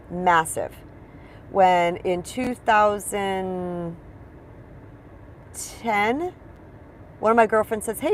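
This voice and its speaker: Woman coach, chatty and expressive, narrating her own stories in a relaxed talk to camera. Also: fairly low pitch, a little hiss or hum. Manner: chatty storytelling, addresses viewers as "you guys"; expressive, acts out her own past reactions. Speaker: life coach. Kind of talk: casual motivational talk to camera.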